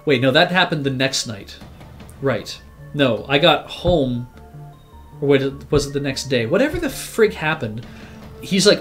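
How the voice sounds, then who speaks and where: A man's voice: mid-range voice, normal speed, long pauses, faint music behind. A man, a regular on the show, telling a long rambling story in casual chat, swearing and acting out what he said at the time. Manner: rambling, animated, swears, acts out his own quotes. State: sick.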